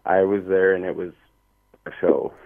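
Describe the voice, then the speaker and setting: Man caller from hamilton, lowish voice, heartfelt, emphatic, phone line. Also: steady tone, moderate pace, gravelly. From Hamilton, Ontario. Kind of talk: phone-in chat.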